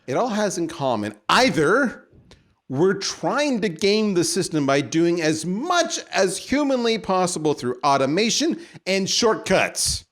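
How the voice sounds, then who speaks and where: Canadian guy hosting a podcast, going off on a rant, voice all over the place, kinda high, hamming it up. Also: big pitch swings, a little slow, fairly bright tone. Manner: theatrical, teasing, builds up to punchlines. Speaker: podcast host. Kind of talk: ranting podcast monologue.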